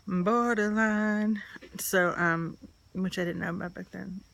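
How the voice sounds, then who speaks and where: A woman's voice: fairly low pitch, little pitch movement, normal speed, creaky, fairly bright tone. A woman telling a candid personal story, rambling and filled with "like" and "um".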